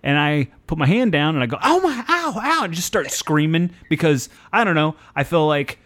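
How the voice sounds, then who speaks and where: A man's voice: on the high side, fairly quick, a bit bright. A young man telling a long, profane, self-mocking story in a casual podcast chat. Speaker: podcast co-host.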